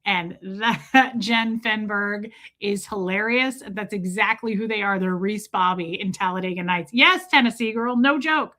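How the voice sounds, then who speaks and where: A woman's voice: medium pitch, a little slow. A woman hosting a casual livestream, reading viewer comments and telling stories with frequent laughter. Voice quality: chatty, laughs often, animated storytelling. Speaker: livestream host.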